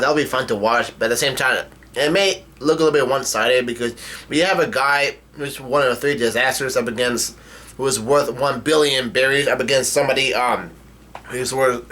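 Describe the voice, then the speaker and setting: A man's voice: mid-range voice, moderate pace, fairly bright tone. A man casually retelling a comic chapter, rambling along with frequent fillers. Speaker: manga chapter reviewer.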